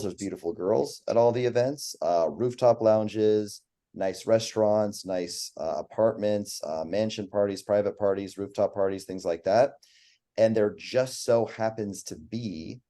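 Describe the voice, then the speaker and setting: Low, mellow-voiced man rambling. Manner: rambling, profane, list-heavy talk. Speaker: guest, online dating coach. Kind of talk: casual podcast chat.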